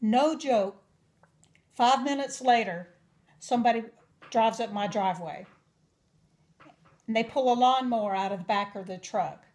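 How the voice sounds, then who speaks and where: A woman's voice: on the high side, unhurried, long pauses, a little mellow. A young woman telling her personal testimony in an earnest, emotional way. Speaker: testimony speaker.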